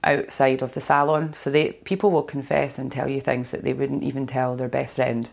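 Scottish woman, hairdresser, low voice, thoughtful, restarts a lot. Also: little pitch movement, normal speed, creaky. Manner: thoughtful, restarts sentences often. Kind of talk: casual interview chat.

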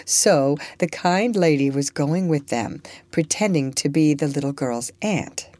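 A woman reading a classic story aloud in an expressive storybook style. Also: sits low, unhurried, no echo. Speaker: narrator.

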